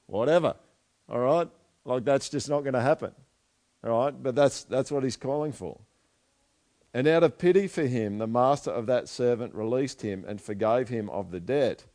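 Male pastor, conversational sermon, fond of quiet asides and questions to the room. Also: medium pitch, normal speed, long pauses. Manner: chatty, asks the listeners questions, drops to quiet asides.

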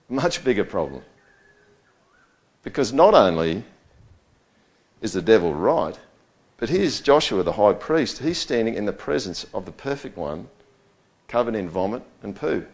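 A man preaching a sermon in a conversational way, often checking in with his listeners and swinging between quiet, low stretches and loud, high bursts. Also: sing-song, moderate pace, long pauses. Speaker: pastor.

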